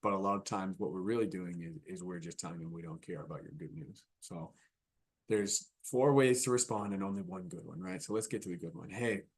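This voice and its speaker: Husky, low-voiced man giving a talk. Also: a little fast. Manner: conversational, keeps asking "right?". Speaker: keynote speaker. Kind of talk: conference talk with acted examples.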